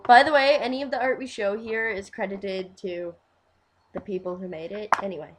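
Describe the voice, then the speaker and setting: A woman's voice: mid-range voice, steady tone, normal speed. A young woman talking casually as a fan video host, rambling, giggling and restarting her sentences.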